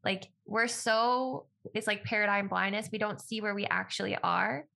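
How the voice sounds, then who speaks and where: A woman's voice: mid-range voice, steady tone, moderate pace, vocal fry, bright, forceful tone. A woman co-hosting a casual talk, speaking openly and heartfelt about personal healing. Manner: open, heartfelt, uses many "like" fillers.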